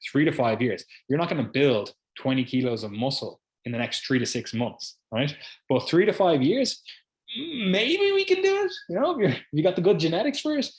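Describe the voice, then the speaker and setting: A man hosting a podcast as a coach, talking casually and tagging "right?" onto his points. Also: mid-range voice. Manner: chatty, quotes imagined people, says "right?" often.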